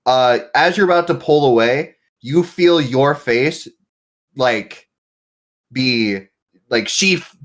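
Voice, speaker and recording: A game master narrating a tabletop role-playing scene in a playful, halting way, with fillers and restarts. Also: mid-range voice.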